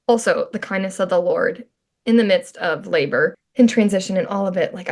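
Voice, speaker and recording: A woman guest on a podcast telling her own story casually, chatty and quick to laugh, with lots of filler words. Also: on the low side, vocal fry.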